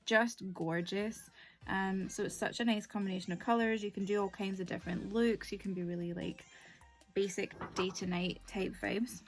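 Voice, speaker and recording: A woman's voice: mid-range voice, fairly even intonation, brisk. Young woman, beauty vlogger, chatty and rambling, faint music behind. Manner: chatty, rambling, lots of "like" fillers. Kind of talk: casual make-up tutorial chat.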